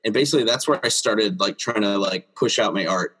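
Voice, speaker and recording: A children's book illustrator in his thirties, slightly husky-voiced and friendly, is a guest in a casual interview chat. Speaking a little fast, he animatedly tells stories about his art, laughs often, and jumps into a high register to act out the people he quotes.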